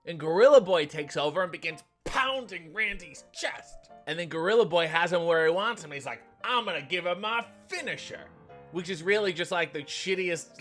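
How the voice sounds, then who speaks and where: A man with a high voice hosts a comedic recap of an old sitcom episode. He tells it in a sarcastic, profane way. Quiet music plays underneath. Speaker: host.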